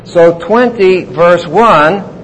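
A man teaching the Bible verse by verse in a deliberate, emphatic way. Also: high-pitched, fairly bright tone, slight background noise. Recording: long hall reverb.

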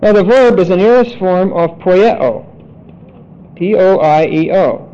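A man teaching a Bible study lecture, deliberate and emphatic, spelling out Greek words. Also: high voice, dark tone. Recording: dull lo-fi recording.

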